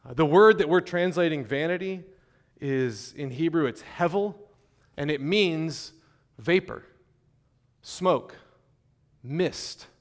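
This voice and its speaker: A male pastor preaching a sermon in a measured, conversational way, with fillers and restarts, slowing to stress key phrases. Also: a little high. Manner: slows and stresses key phrases when reading scripture.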